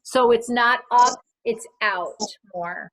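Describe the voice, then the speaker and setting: Woman, fitness instructor, bright tone, higher pitch, clear step-by-step cues, reassuring. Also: slow pace, poor audio. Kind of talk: guided exercise class instruction.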